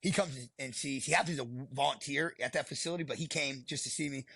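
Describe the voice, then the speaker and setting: A man's voice: mid-range voice, quick pace, vocal fry, fairly bright tone, breathy edge, no echo. A middle-aged man, a podcast guest telling his story bluntly and profanely, rambling as he goes. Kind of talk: candid storytelling.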